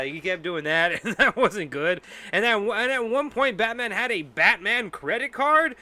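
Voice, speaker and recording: High, bright-voiced man ranting. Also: animated, normal speed, few pauses. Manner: profane, exasperated ranting. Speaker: podcast host. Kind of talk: casual ranting chat.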